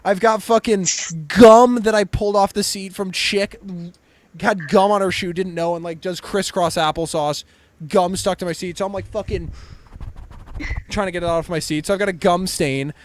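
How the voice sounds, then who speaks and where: A young man in his twenties co-hosting a comedy podcast, telling loud, swear-filled anecdotes in casual chat. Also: sits high, fairly even intonation, moderate pace, no room sound. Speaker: podcast co-host.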